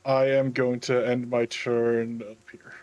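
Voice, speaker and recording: A man playing a tabletop game, talking in a relaxed, wry way. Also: medium pitch, unhurried, lo-fi sound, soft background music. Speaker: player. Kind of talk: casual chat.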